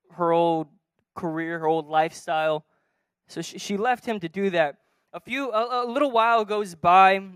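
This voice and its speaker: A man preaches from a church stage in a high, smooth and resonant voice. He tells a story and acts out its dialogue, swinging between soft and loud. The recording is close and dry. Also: no echo. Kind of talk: sermon storytelling.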